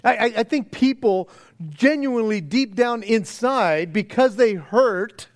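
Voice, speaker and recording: High-voiced man preaching casually. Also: unhurried. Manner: casual and earnest, stammering restarts, often acts out quoted voices. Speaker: pastor. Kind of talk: conversational sermon.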